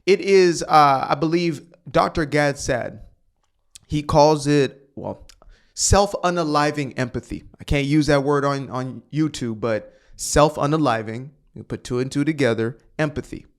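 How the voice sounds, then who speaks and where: A man's voice: fairly high pitch, a little slow. A man hosting a commentary monologue, talking emphatically, sighing and repeating his points for force. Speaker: host.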